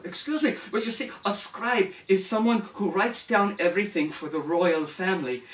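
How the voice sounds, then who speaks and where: A man telling a fairy tale to children, acting out the characters and speaking to his listeners as he goes. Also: high-pitched. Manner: animated, shifting into character voices and addressing the audience. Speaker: storyteller. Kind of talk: storytelling for children. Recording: roomy sound from a distance.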